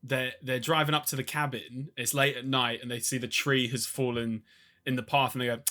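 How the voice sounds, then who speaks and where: A man with a bright, forward voice chats casually about films as a podcast co-host. He tells stories with a laugh and acts out scenes in quick quoted bits. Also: medium pitch. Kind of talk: casual film chat.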